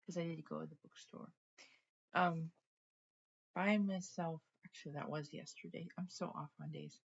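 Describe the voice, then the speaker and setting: Low, gravelly woman in her forties. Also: fairly even intonation, moderate pace, muffled recording. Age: 40s. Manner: chatty, rambling, easily sidetracked. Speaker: book vlogger. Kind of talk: casual chat.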